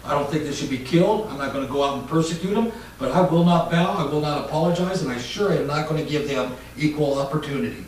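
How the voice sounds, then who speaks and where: A man's voice: quick pace, hardly any pauses, slight background noise. Fiery preacher man in an echoey hall. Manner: swings from loud mocking shouts to low intense warnings. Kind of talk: fiery sermon. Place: church hall. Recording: echoey church hall mic from a distance.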